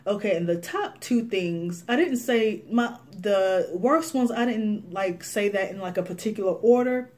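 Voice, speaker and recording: A woman's voice: medium pitch, unhurried, hardly any pauses. A young woman vlogging to camera, ranting casually with lots of fillers and frequent laughs. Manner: animated, laughs often, many fillers. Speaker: beauty vlogger.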